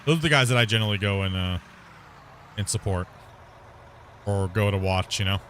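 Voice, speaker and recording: A man's voice: lowish voice, a little fast, a bit bright, slight background noise. A man chatting casually while streaming live gameplay, rambling, laughing often and swearing casually.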